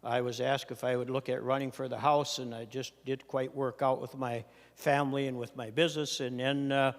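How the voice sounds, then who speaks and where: A man's voice: medium pitch, little pitch movement, brisk. An older man from Minnesota, a retiring state senator, giving a farewell floor speech with folksy storytelling and dry humor. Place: legislative chamber. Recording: long reverb of a large chamber.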